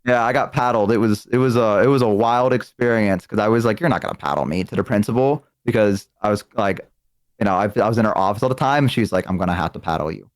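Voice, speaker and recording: A man's voice: fairly low pitch, fast, no echo. A man from the American South tells stories in casual chat. He swears freely and acts out each person in them. The voice sits close and dry on the mic. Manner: animated, profane, acts out quoted voices. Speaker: streaming guest.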